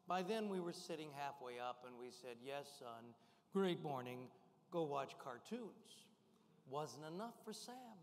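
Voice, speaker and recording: An older man giving a lively keynote talk, working the audience with call-and-response shouts in a large event hall. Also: a little high, measured pace. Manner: energetic, rousing the crowd with call-and-response shouts. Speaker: guest speaker. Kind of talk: motivational keynote to a live audience. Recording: long hall reverb.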